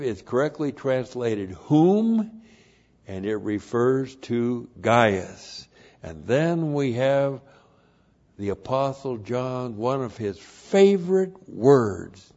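Slow, emphatic man preaching a sermon. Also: medium pitch, sing-song, darkish tone, muffled recording. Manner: slow, emphatic, repeats key words, spells out Greek terms. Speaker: pastor. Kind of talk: expository sermon.

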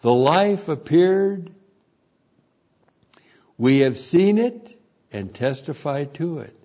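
A man's voice: on the high side, dark tone, husky, dull audio. A man teaching verse by verse through a Bible epistle, explaining the Greek grammar and stressing key words by repeating them.

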